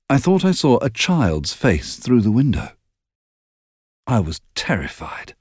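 A man narrating an audiobook in an expressive, measured storytelling manner. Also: medium pitch, slightly rough, no echo, clean studio sound.

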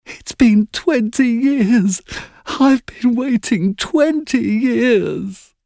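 A man doing a wailing ghost girl, high and slow. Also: creaky, darkish tone, no echo, studio quality, heavily acted. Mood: pleading. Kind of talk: storybook reading.

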